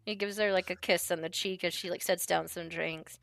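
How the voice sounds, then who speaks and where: A woman's voice: lowish voice, fairly even intonation, a little fast, creaky, fairly bright tone, no echo, clean studio sound. A young woman narrating as the game master of a tabletop game, chatty and casual, with many filler words. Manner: chatty, lots of "like" fillers, laughing.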